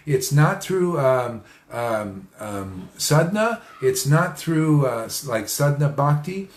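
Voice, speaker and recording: In an echoey room, a spiritual teacher gives a casual talk, speaking directly to his listeners, repeating phrases for emphasis and laughing often. His voice is medium-pitched and animated, and he takes his time with few pauses.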